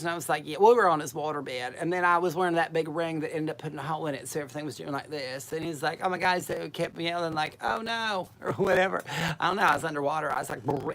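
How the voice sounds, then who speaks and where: A woman hosting a chatty livestream monologue from home, rambling and folksy, with bawdy asides. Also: low voice. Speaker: livestream host.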